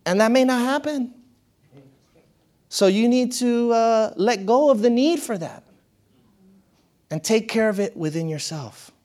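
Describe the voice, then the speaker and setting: A man speaking to an audience in a motivational talk. He is conversational and laughs often, dropping to low murmurs and then rising to excited peaks. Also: a little slow, pauses often.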